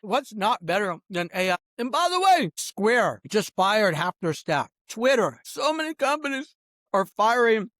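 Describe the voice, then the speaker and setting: A man's voice: sits high, very animated, measured pace, fairly bright tone, no echo, clean studio sound. A man vlogging in a rambling, casual rant, swearing freely and saying "bro" constantly while reading messages aloud. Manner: eats and drinks wine while talking. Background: faint music.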